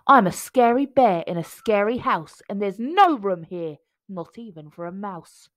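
Storybook bear, big and grumpy, grumbles his lines slowly, as a woman reader voices him. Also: medium pitch, lively intonation, no room sound, close to an everyday voice. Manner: grumbling, gruff.

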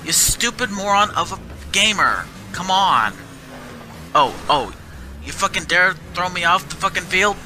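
Gamer guy, high voice with big pitch swings, angry profane ranting over game music. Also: animated, a little slow, bright, forceful tone. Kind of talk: gameplay commentary.

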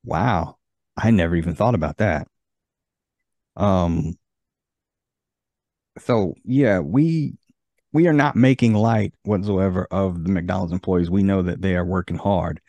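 A man's voice: low voice, a little slow, long pauses, dark tone, no room sound. Easygoing man hosting a podcast. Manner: easygoing, reads from an article. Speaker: podcast host. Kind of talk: casual podcast chat.

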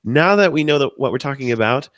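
Podcast host, male, hoarse from a cold, chatty and upbeat, dry close-up sound. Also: expressive, quick pace, no room sound. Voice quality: deep from sickness. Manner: chatty, upbeat, wanders off topic. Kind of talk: live podcast hosting.

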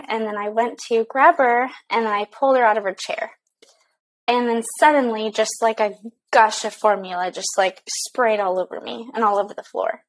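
Young woman vlogger, casual story time, fairly high voice, candid and emotional, swears a bit. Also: low-quality recording. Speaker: vlogger mom.

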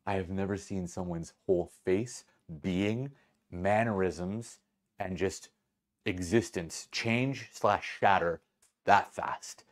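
A man hosts his own podcast, telling a story in a low voice. He rambles with animation and keeps correcting himself mid-sentence. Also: slow pace. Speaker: podcast host. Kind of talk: casual storytelling.

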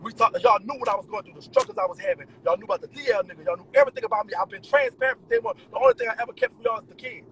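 A man venting to his viewers in an animated, profane, emphatic rant. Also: very high-pitched, very fast, gravelly, hardly any pauses, slight background noise, rough recording. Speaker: vlogger. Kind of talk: ranting straight to camera.

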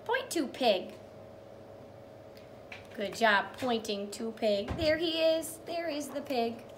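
A woman's voice: sits high, animated, slight background noise. A young woman teacher reading a picture book to small children, sing-song and encouraging, praising each step and acting out animal sounds. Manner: drawn-out storytelling with animal sounds.

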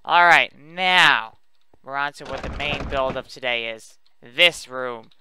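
A man's voice: medium pitch, slow, pushed and bright, a little hiss or hum. A man giving casual, rambling commentary while building in a video game, chatty and self-mocking as he talks to his viewers. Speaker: let's play host.

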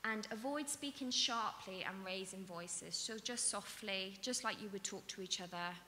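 A woman's voice: mid-range voice, moderate pace, sharp tone. A woman giving a patient, explanatory talk on dementia care as a trainer at an event. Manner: patient, explanatory, with many ums and "so". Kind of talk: awareness talk to an audience. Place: event hall. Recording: echoey hall, faint hiss.

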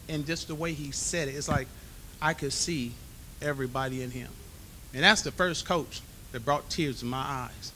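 Bright-voiced man telling football stories. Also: medium pitch, moderate pace, slight background noise. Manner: animated storyteller acting out dialogue. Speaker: hall of fame inductee giving a speech. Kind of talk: storytelling acceptance speech. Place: banquet hall.

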